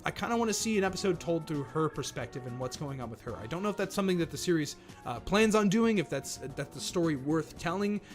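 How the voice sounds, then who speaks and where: Brief: keen male anime reviewer, slightly high-pitched voice, casual talk over faint background music. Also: lively intonation, fast talker, hardly any pauses. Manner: enthusiastic, thinking aloud. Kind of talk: casual video commentary.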